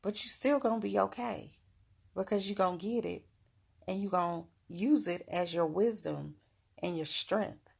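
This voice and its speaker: A woman's voice: medium pitch, moderate pace, gravelly, a little mellow, husky. A middle-aged woman giving frank, motherly spiritual advice in a casual livestream talk, laughing often.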